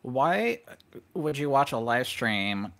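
A man's voice: mid-range voice, sing-song, slow pace, fairly bright tone. Wry, quipping man on a podcast. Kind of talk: casual podcast chat.

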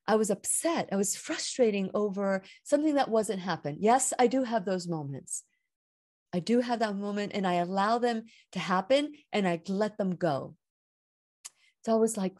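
A woman's voice: medium pitch, a little mellow. A woman hosting a radio show, giving an earnest, heartfelt inspirational talk about faith, and rising and falling with emphasis.

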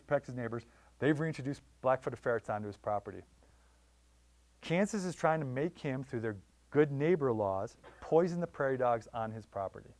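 A man giving a public lecture on wildlife conservation in a library, telling stories with lively voiced quotes. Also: medium pitch, no echo. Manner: animated storytelling with voiced quotes.

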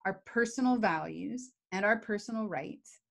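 A woman's voice: medium pitch, moderate pace, vocal fry. A woman, a guest expert on emotional intelligence, talking in a casual live video chat and acting out examples as she explains. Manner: animated, explains with acted examples.

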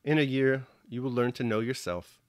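A man voicing a grave aristocratic officer, a prince, in an audiobook reading, speaking in a measured, earnest way. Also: medium pitch, clean tone, no room sound, clean studio sound, natural voice.

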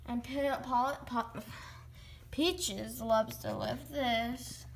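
A woman's voice: a little high, creaky, slight background noise. A young girl chatting casually about her pets, rambling and restarting often. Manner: rambling, halting, full of restarts. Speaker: vlogger. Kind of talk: casual pet vlog.

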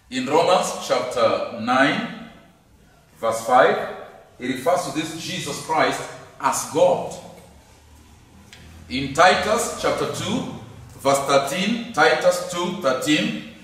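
A high-pitched man teaches at an unhurried pace, stressing his points, repeating phrases and asking rhetorical questions. His voice carries from a distance through a strongly echoing hall. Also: a bit bright. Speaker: Bible teacher. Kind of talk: teaching lecture on scripture. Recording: echoey hall from far off.

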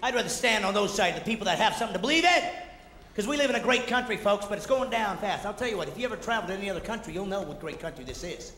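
A man doing a high-energy stand-up comedy routine, ranting and jumping into shouted asides and mock voices. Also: lively intonation, very fast. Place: theater stage before a live audience. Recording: echoey hall, noisy 1990s concert recording.

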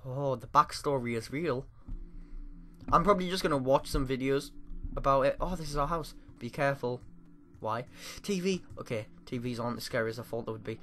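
A man's voice: mid-range voice, brisk, fairly bright tone. A man giving let's play commentary into a desk mic, swearing and yelping at scares while reading game text aloud. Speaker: gamer.

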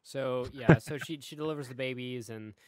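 A man's voice: mid-range voice, normal speed, no echo, studio quality. A man co-hosting a casual review chat, retelling scenes loosely with swearing. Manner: loose, profane retelling with quoted voices. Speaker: podcast co-host reviewing a show.

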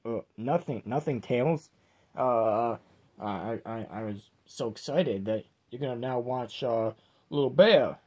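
A man's voice: mid-range voice, slow, darkish tone, pitched below the performer's own voice. A man voicing a playful male hedgehog who teases his friend and hesitates with fillers. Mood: teasing.

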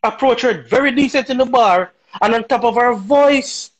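A man's voice: extremely high pitch, moderate pace, a little hiss or hum, low-quality recording. A man, a talk show guest arguing his views emphatically and rhetorically, often checking in with "right?". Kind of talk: opinionated talk show discussion.

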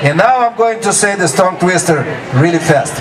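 A man with a very high voice addresses a festival audience from a stage. He explains each piece plainly before reciting it, slowly at first and then fast. He sounds distant, with a chattering crowd and steady outdoor noise all around. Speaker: stage presenter. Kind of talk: presenting to a live audience.

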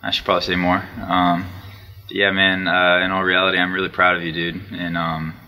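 A deep-voiced man speaks in a flat, even line as he thanks his old youth pastor. His tone is very bright, and his delivery is halting and sincere, full of pauses. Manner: halting, many fillers, sincere. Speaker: former student, now in ministry. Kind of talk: heartfelt video tribute.

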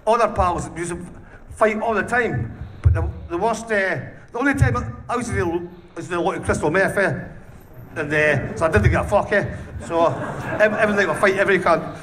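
A man's voice: high-pitched, brisk. A man telling rowdy stories in a casual interview, swearing constantly and breaking into laughter. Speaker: punk band singer. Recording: distant mic with faint background noise.

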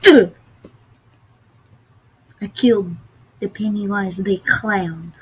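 A woman giving casual gameplay commentary with excitable, dramatic outbursts, sometimes trying out odd voices. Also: mid-range voice, slow pace, pauses often, husky, rough recording. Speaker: gamer.

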